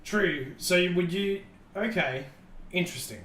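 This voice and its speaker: A man's voice: high voice, measured pace, a bit bright, distant mic. A man hosting a casual livestream podcast, thinking aloud and rambling with many restarts. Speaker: streamer and podcast host. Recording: echoey room, off-mic, faint background noise.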